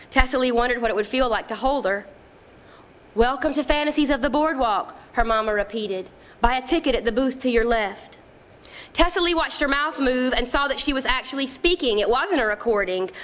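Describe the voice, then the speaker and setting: A woman's voice: high-pitched, a bit bright. A woman author who talks plainly about her novel and reads passages from it aloud. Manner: conversational, explains plainly before reading.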